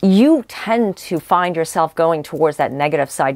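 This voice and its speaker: A woman's voice: lowish voice, sing-song, moderate pace, few pauses, no echo. A woman doing a casual spoken tarot reading, rambling with many restarts, and she says she is losing her voice. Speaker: psychic tarot reader.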